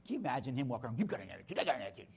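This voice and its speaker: With a little hiss or hum in the background, a middle-aged man of medium pitch races through a church teaching talk as a guest speaker. He tells animated stories and acts out the dialogue.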